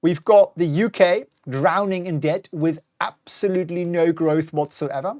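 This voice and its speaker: A man's voice: on the high side, moderate pace, hardly any pauses, a little mellow, dry recording, clean studio sound. A middle-aged man hosting a live-streamed stock market talk, chatty and wry, reading out viewer comments as he goes. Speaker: host.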